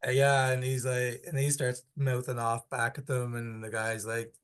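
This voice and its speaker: A man's voice: mid-range voice, completely flat delivery, normal speed, hardly any pauses, smooth. A man on a casual comedy podcast, telling rambling travel stories and laughing often.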